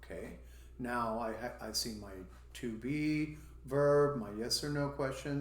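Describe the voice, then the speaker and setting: A man's voice: medium pitch, a little slow, echoey room. A man teaching an English class, demonstrating question intonation by swooping his voice up and down. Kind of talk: online language lesson.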